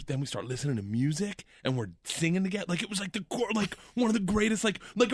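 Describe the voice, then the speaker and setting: A man's voice: high-pitched, fairly bright tone, no room sound. A young man, a comedian, telling rambling stories in casual chat, laughing often and acting out what people said. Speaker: comedian guest.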